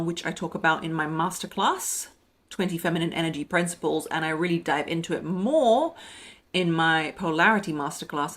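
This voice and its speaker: A young adult woman, heavily pregnant, giving relationship coaching in a lively monologue and acting out the lines she quotes. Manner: animated, acts out quoted voices with pitch jumps.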